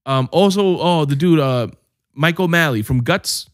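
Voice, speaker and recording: A man co-hosting a podcast, telling animated, jokey stories in casual chat with some swearing. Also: on the high side, measured pace, no room sound, clean studio sound. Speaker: podcast co-host.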